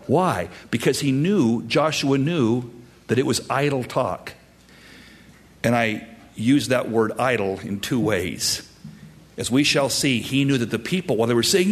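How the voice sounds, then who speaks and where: Preaching an expository sermon to his flock, this husky-voiced pastor keeps a measured pace. His delivery is animated, moving from loud, high emphasis down to quiet whispers.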